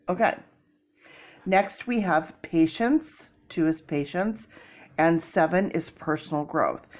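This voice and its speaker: Lowish voiced lady doing a tarot reading, rambly and chatty, lots of ums. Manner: chatty, rambling, many fillers and restarts. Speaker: tarot reader.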